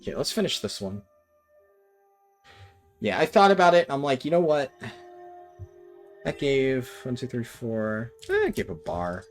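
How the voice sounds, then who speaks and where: A young woman streamer giving casual gameplay commentary at her home desk, swearing a lot and turning panicky and excitable. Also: very deep voice, measured pace, pauses often, soft background music. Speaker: gaming streamer.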